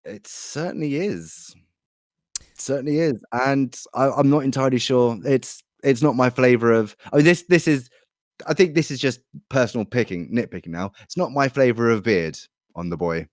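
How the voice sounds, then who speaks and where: A man co-hosting a podcast, chatting in a playful, animated way with frequent exclamations. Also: mid-range voice, brisk, dry recording, studio quality. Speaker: podcast co-host. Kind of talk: casual comedic chat.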